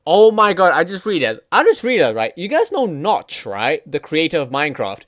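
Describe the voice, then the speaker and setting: Lively slangy young-sounding streamer man. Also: on the high side, normal speed, no echo, studio quality. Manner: excitable, swears a lot, slangy. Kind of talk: casual live-stream chat.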